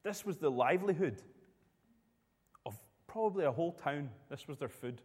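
A man's voice: a little high, lively intonation, normal speed, darkish tone, slightly rough, long reverb tail. A man preaching a sermon, telling a personal story in a conversational way.

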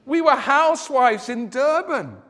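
A man's voice: extremely high pitch, expressive, measured pace, fairly bright tone, big-room sound, voice pushed up, full character voice. A man voicing a frail but determined old woman who calls out insistently during a church service. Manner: urgent, insistent calling out.

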